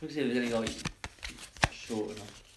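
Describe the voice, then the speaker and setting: A man's voice: mid-range voice, a little fast, background noise. Blunt man in a roomy space. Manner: blunt, sweary, reluctant. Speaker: podcast co-host. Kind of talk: casual banter. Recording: roomy echo.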